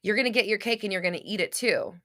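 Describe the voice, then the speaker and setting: Talking fast in a sharp-toned, mid-range voice, this woman hosts a live podcast and answers listeners frankly, with plenty of swearing, fillers and restarts. She acts out little scenes using quoted voices. The studio sound is clean, with no room sound.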